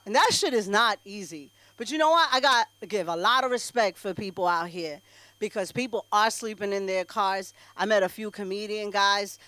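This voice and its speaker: A woman doing a stand-up set at an open mic, brash and sassy, swinging between loud punchlines and low asides. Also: no room sound. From Bangladesh. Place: comedy club stage.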